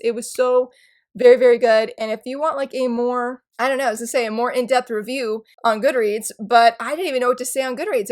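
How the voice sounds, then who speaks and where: A woman in her thirties talks straight to her viewers in a casual book vlog. Her voice sits a little high, and she gushes and rambles with bubbly excitement. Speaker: book YouTuber.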